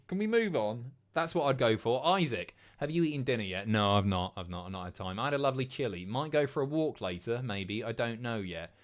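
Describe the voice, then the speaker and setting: A man streaming live, reading out viewer messages and answering them in loose, sweary banter. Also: mid-range voice. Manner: banters with chat, swears freely. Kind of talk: casual chat.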